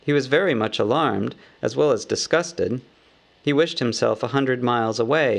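Gravelly male storybook narrator. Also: mid-range voice. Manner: measured, wry storytelling. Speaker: audiobook narrator.

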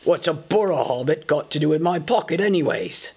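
A man voicing a big, slow, suspicious male troll who talks in coarse slang. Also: on the high side, expressive, a little mellow, husky, voice pushed up. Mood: gruff dim. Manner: coarse, slangy dialect talk.

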